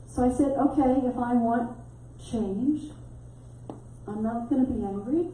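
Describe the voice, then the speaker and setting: A woman's voice: a little high, slow pace, long pauses, slight background noise. A middle-aged woman minister telling a story in a sermon, acting out what people said and often laughing. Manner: animated storyteller who acts out quotes and laughs often. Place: church sanctuary. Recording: echoey hall mic from a distance.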